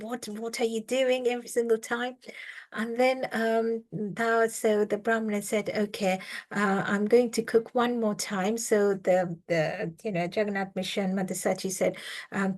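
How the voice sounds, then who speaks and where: A woman leading a reflective scripture reading, telling a devotional story in a gentle, halting way with many fillers. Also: mid-range voice. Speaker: scripture class speaker.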